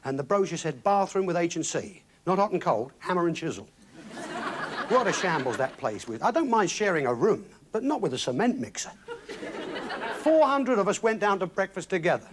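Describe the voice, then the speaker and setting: A man's voice: a little high, slight background noise. A man hosting a game show, presenting prizes and telling scripted jokes in a breezy, chatty way. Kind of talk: scripted gags and prize patter.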